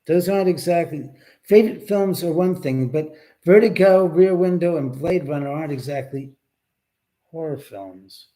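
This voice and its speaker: Warm-toned and a little high, a man speaks at a moderate pace while hosting a casual livestream from his house. He rambles, swears freely, talks to his dog and answers viewers.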